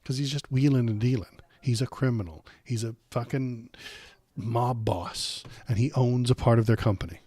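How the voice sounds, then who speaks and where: A man hosts a political livestream, talking bluntly and sarcastically with plenty of swearing. His voice is dark and mellow, and his throat is sore from a cold. The sound is dry and close, with little room around it. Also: mid-range voice, moderate pace, no echo. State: coming down with a cold, throat bothering him. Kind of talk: ranting political commentary.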